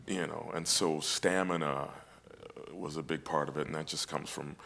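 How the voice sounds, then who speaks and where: Very deep-voiced man, reflective and halting. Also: steady tone, gravelly, a bit bright. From United States. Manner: reflective, halting with many restarts. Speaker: opera singer, guest. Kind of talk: casual conversation.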